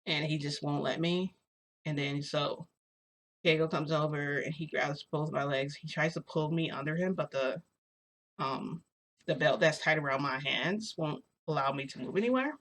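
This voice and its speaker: Speaking at a moderate pace in a low, slightly bright voice, a young woman vlogger narrates a story. Her telling is full of fillers like "like," with plenty of rambling and hesitation.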